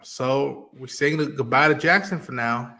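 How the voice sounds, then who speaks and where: A man hosting a casual show review, with a bright, forward tone. He rambles chattily and acts out quotes, filling gaps with "like". He sits close to the mic. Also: mid-range voice, a little slow. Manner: chatty, fills speech with "like" and acted-out quotes. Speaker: podcast host.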